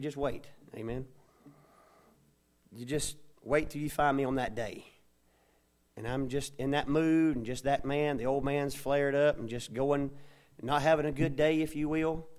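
A man preaching a sermon, often tagging his points with a questioning "amen?" and building from quiet asides to loud, emphatic stretches. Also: a little high, clean tone. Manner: tags phrases with a questioning "amen?". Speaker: pastor.

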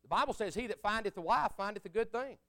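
A man's voice: sits high, fast. Fiery folksy preacher man. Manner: folksy, rising to fiery shouts and dropping to quiet asides. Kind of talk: sermon.

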